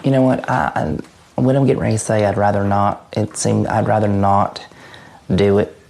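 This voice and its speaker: A man's voice: lowish voice, flat delivery, moderate pace, a little mellow, poor audio. An actor playing an awkward, earnest adult man who stammers through a mock interview as someone's twin brother. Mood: uneasy. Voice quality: creaky. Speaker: interview guest.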